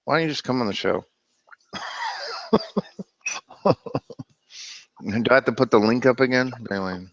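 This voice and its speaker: A man hosting a casual livestream about the Bible, talking in an animated, exclamatory way and laughing easily. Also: medium pitch, unhurried, dry recording. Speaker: livestream host. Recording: dull, dry lo-fi sound.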